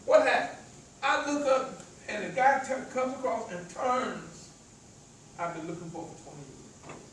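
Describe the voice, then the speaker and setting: A motivational speaker with a rural American country accent addresses a live audience in an echoey event room, his very high voice lively and unhurried. He stutters and stammers, repeating words. The recording is very echoey with the voice far from the mic, plus slight background noise.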